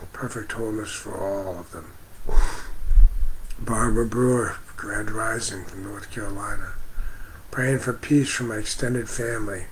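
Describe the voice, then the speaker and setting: A man hosting a spiritual livestream outdoors, speaking gently and greeting viewers by name. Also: on the low side, slight background noise, low-quality recording. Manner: slow, gentle, reads out viewer comments. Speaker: livestream host. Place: outdoors near a parking lot.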